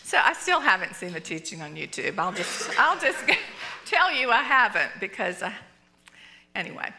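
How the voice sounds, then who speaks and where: An older woman teaching in church, telling a personal story in an animated way, acting out what people said. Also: medium pitch, normal speed, creaky, a little hiss or hum. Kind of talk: storytelling sermon. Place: church sanctuary.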